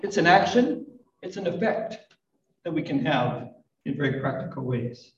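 An older man gives a gentle, reflective sermon at a live church service, with soft asides and a touch of self-deprecating humor. His voice sits a little high and comes from some way off the mic. The live recording is dull and roomy. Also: very animated, moderate pace, far from the mic, a little hiss or hum. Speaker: pastor.

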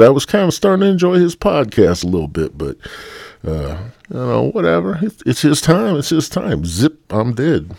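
A man's voice: mid-range voice, huge pitch swings, normal speed, creaky, a little mellow, no room sound, studio quality. A male podcast host rambling bluntly through a profane solo rant. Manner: rambling, heavy swearing, blunt.

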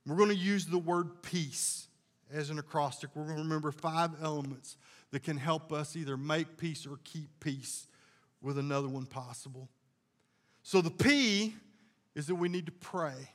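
A man's voice: on the high side, moderate pace, a bit bright. Folksy preaching man in a reverberant hall. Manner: folksy storytelling, conversational with restarts. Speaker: pastor. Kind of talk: sermon.

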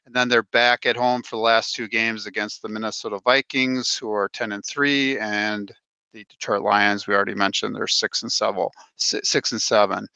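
A man's voice: lowish voice, flat delivery, moderate pace, creaky, bright, forceful tone, clear, resonant tone, no room sound. A man co-hosting a casual sports podcast, going through stats and quotes with plenty of "uh"s. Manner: reads stats and quotes, with filler "uh"s. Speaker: podcast co-host.

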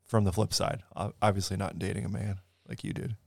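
A man hosting a podcast in casual chat, reacting quickly with wry asides and laughing along. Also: fairly low pitch, level tone, vocal fry, no room sound. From grew up in an Italian neighborhood. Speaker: podcast host.

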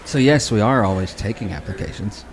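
A man co-hosting a podcast chats casually, mostly chiming in with brief agreeing interjections. His voice is fairly low, expressive, and fairly quick, with slight background noise.

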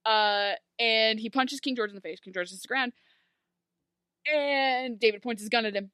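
A woman in casual chat, recapping a TV episode with sarcastic, animated commentary and plenty of filler words. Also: on the high side, moderate pace, clear, resonant tone, no echo, clean studio sound. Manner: animated, sarcastic, lots of "like" fillers, acts out quotes. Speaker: podcast co-host recapping a TV episode.

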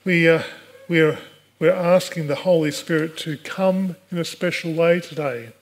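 High-voiced man preaching. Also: moderate pace. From Australia. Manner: earnest preaching, rhetorical questions. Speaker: pastor. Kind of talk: sermon.

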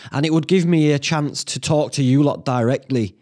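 Chatty, swearing podcast host. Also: male voice, a little high, normal speed, darkish tone. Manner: chatty, swears casually, laughs at himself. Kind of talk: casual solo podcast chat. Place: small home studio.

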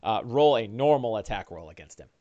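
A man's voice: lowish voice, fairly quick, no echo, highs cut off. A man running a one-on-one tabletop game as dungeon master, narrating animatedly with many "uh"s. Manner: animated, lots of uh fillers.

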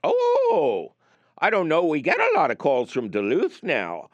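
A man's voice: a little high, unhurried, no echo, muffled recording. A man hosting a call-in gardening radio show from a studio, chatting casually and telling jokey stories. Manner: jokey, animated storyteller. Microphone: studio microphone.

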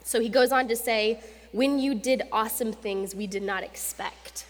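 A young adult woman preaching a sermon in a conversational, animated way, acting out quotes with rising intensity. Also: on the high side, moderate pace. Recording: long reverb of a large hall.

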